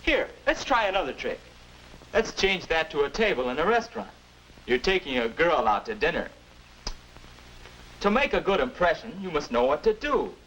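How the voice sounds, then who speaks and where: A man's voice: on the high side, big pitch swings, moderate pace, long pauses, fairly bright tone, slight background noise, poor audio. A man playing an earnest 1950s lecturing future self. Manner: earnest, instructive. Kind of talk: 1950s educational film narration.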